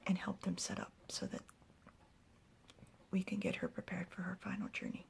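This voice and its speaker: A woman voicing a calm, steady male clan chief in a soothing whispered role-play. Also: lowish voice, moderate pace, creaky, heavily acted.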